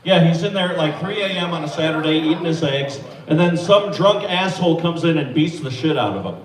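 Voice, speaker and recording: Deadpan man at a comedy club mic. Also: a little high, fairly quick, far from the mic. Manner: deadpan, self-deprecating delivery. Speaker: stand-up comedian. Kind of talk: open-mic stand-up set. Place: small comedy club or bar. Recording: echoey club mic, crowd laughter, from afar.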